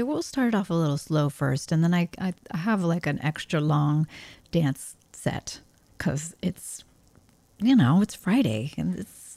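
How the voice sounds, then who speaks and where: A woman's voice: mid-range voice, dark tone, no room sound. A woman with a light Texas accent hosting a community radio show, chatty and playful, reading the weather and sponsor credits. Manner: chatty, laughing, loose and playful.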